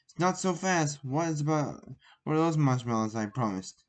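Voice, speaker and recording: A man's voice: fairly high pitch, expressive, natural voice. A man reading as a fussy absent-minded professor. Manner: halting read-aloud with restarts. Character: eccentric absent-minded male professor inventor. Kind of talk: storybook reading.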